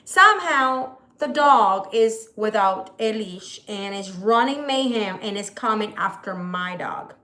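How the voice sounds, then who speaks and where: A woman's voice: medium pitch, lively intonation, measured pace, hardly any pauses, sharp tone. A woman hosting a casual live vlog from home, telling a story in an exasperated, rambling way. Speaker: creator hosting a live video. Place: at home, hot day.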